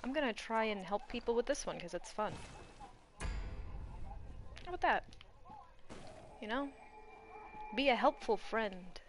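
Animated woman streamer scolding her cat. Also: a little high, unhurried, long pauses, a little hiss or hum. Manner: chatty, scolds her cat in an animated, exasperated tone, drops to soft murmurs; swears casually. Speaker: game streamer. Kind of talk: casual gameplay commentary.

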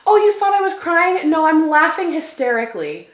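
A woman's voice: very high-pitched, sing-song, normal speed. A young woman chatting casually to her vlog audience at home, bubbly and chatty, laughing often. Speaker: lifestyle vlogger. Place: home, indoors. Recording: echoey room.

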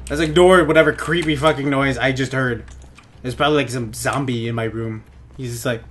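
Giggly young man with a bright voice. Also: medium pitch, fairly even intonation, brisk. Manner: goofy, giggly, crude jokes, sudden loud outbursts. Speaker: gaming let's play host. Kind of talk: casual gameplay commentary. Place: bedroom. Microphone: headset.

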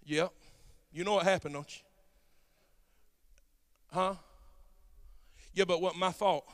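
A man with a Southern accent from South Georgia preaching a sermon as pastor, folksy and conversational, building up to shouted passages. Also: high voice, fairly even intonation, takes it slowly.

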